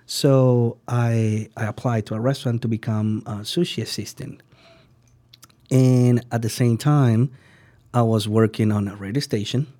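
A man, a sushi chef telling his story as a guest, halting and searching for words and acting out the people he quotes. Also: medium pitch, steady tone, dark tone, no room sound. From Venezuela. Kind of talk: casual storytelling interview.

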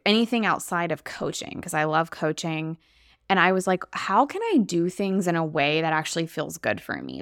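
A woman's voice: on the low side, a bit bright, dry recording, studio quality. A young adult woman hosting her own podcast as a coach, talking casually and upbeat, often laughing. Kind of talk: casual solo podcast talk.

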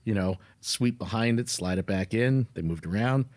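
Middle aged dude, lowish voice, jokey and loose, lots of likes. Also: male voice, normal speed, darkish tone. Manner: loose, joking, trails with fillers. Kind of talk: casual chat.

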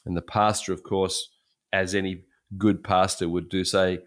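A low-voiced man in his sixties gives a sermon in an easy, chatty storytelling manner. He often circles back and restarts his phrases, and his deep voice stays unhurried. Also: level tone. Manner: conversational, repeats and restarts phrases. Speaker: pastor.

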